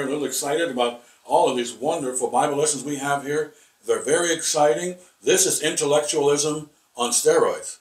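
A man teaching a rambling Bible lesson, halting and repeating words with many fillers, emphatic and combative. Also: fairly high pitch. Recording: echoey room, voice from far off.

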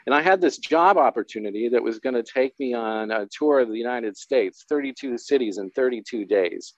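A man's voice: mid-range voice, a little fast, dry recording. Self-deprecating man telling his story, dull dry sound. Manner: rambling, self-deprecating, with wry humor and laughs. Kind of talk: candid storytelling interview.

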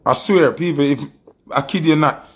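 A man's voice: on the high side, normal speed, breathy edge. A man with a Jamaican Patois accent, talking casually on a live stream and telling a story with emphatic, repeated oaths.

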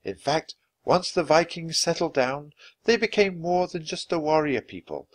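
A man voicing a calm, wise enchantress woman in a storybook reading, gently. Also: fairly high pitch, moderate pace, pitched above the performer's own voice. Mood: gentle.

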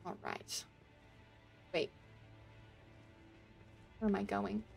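A woman streaming a video game live, reacting with excitable, panicky commentary, laughing and swearing often. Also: medium pitch, extremely slow, gravelly, husky, faint music behind.

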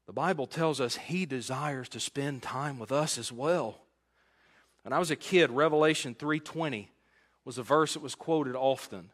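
A man's voice: fairly high pitch, normal speed, bright, forceful tone. A male pastor preaching an expository sermon in a conversational way, often putting questions to his congregation. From United States.

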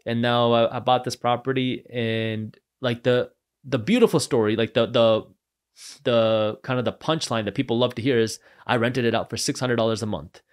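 A man on a podcast as an entrepreneur guest, telling stories with lively energy and acting out the voices of the people in them. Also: mid-range voice, moderate pace, clear, resonant tone. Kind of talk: animated storytelling.

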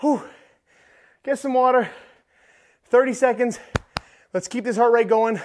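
A man with a fairly high voice leads a home workout as the trainer, calling out rep counts while he exercises along. He takes his time between words. His cues stay upbeat and encouraging throughout. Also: steady tone, a little slow, darkish tone, a little hiss or hum. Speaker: fitness trainer. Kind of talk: workout coaching.

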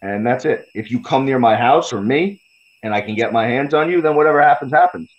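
A man's voice: medium pitch, animated, a little fast, highs cut off. A man, a guest fighter on a podcast interview, talking in a profane, confrontational and boastful way. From United States.

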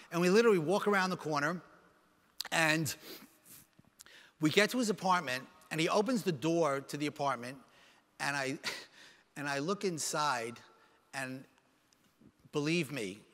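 A man with a high, bright, forceful voice gives a keynote talk from a stage. He tells a personal story with animated energy and briefly plays each person in it. His voice rings with the long reverb of a big conference hall. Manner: animated, acts out dialogue with quick voice changes. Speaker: keynote speaker. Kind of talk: dramatic personal storytelling speech.

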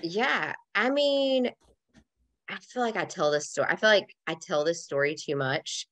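A woman with a notably low, deep speaking voice shares a painful personal story as a podcast guest. She talks candidly and emotionally, in a loose conversational way, filling her sentences with "like.". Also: a little slow, a bit bright. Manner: candid, emotional, many fillers like "like".

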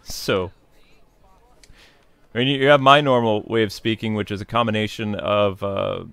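A man's voice: on the low side, fairly even intonation, a little fast, vocal fry, a bit bright, clear, resonant tone, no room sound. A man with a blended New York and Midwest accent, chatting casually over a game in a dry, close recording. He rambles, jokes and pokes fun at himself. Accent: New York and Midwest American. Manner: rambling, joking, self-deprecating. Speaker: let's play host. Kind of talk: casual gameplay commentary.

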